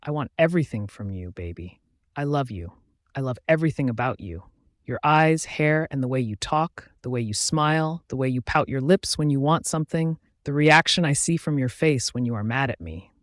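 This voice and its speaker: A man's voice: mid-range voice, animated, normal speed, no echo, studio quality, close to an everyday voice. A man voicing a tormented young male werewolf alpha, pleading and emotional. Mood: anguished. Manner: anguished, pleading, emotional outbursts.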